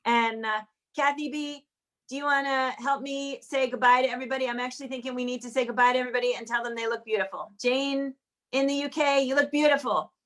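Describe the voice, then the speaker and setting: A fast-talking woman with a high-pitched, steady voice closes out the online show she hosts on a video call. Chatty and warm, she repeats compliments for every participant in turn.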